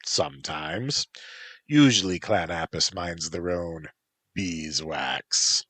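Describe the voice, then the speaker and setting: A man voicing a gruff, teasing male tengu bodyguard who speaks in a dry, mocking, unhurried way, in a storybook reading. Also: deep voice, sharp tone, no room sound, full character voice.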